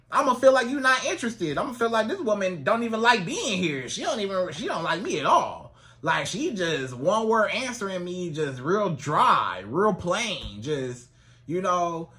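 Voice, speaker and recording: A man giving casual dating advice to the camera, animated and colloquial, repeating his phrases. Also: sits high. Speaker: dating coach.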